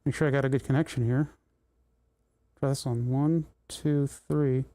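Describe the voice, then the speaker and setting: A man's voice: mid-range voice, steady tone, normal speed, dark tone. A man hosting a livestream, chatting casually and thinking aloud with joking asides as he solders. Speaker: livestream host building electronics.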